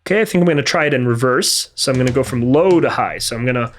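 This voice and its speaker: A man's voice: mid-range voice, fast. A man teaching MIDI drum programming in a methodical, think-aloud way, with frequent fillers and restarts. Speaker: music production instructor. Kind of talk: screen-recorded tutorial. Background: drum and music playback between remarks.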